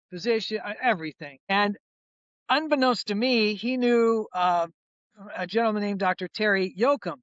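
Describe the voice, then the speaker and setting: A man in his sixties, a chiropractor guest, telling a patient story in lively conversational style. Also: high-pitched, no echo, lo-fi sound. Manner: animated storyteller, acts out quoted voices, frequent restarts.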